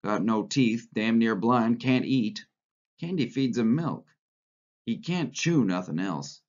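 A man's voice: medium pitch, animated, takes it slowly, darkish tone. A man reading the part of a blunt, coarse male ranch hand. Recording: lo-fi recording.

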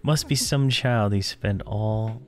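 A man voicing a gruff male gnome shopkeeper in a game, brusque, with a put-on accent. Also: fairly low pitch, slow pace, faint music behind.

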